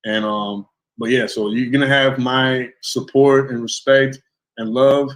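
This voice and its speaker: A man's voice: medium pitch, unhurried, rough recording. Easygoing male interview host. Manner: relaxed, easygoing, often trails off with fillers. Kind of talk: casual interview chat.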